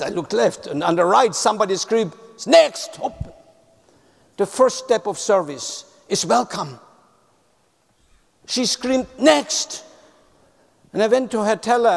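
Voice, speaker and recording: A man with a high, gravelly voice gives a motivational talk on customer service, telling it as a story. He repeats words for emphasis and speaks with non-native phrasing. His voice rings with the long reverb of a large hall.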